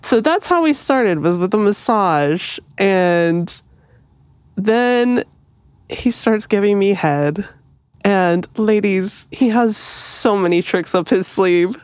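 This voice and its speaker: A woman co-hosting a podcast speaks slowly in a mid-range voice, recorded dry. She tells a story in casual chat, animatedly acting out the lines she quotes.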